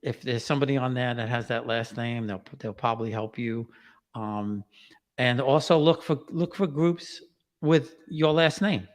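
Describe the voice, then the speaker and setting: A man as a podcast guest in casual chat, relaxed and easygoing, with many pauses and fillers. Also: mid-range voice, big-room sound.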